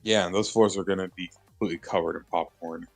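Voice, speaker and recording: A young man chatting casually with his partner, relaxed and halting, with many fillers. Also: low voice, vocal fry. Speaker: streamer's partner off to the side. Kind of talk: casual chat. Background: soft music.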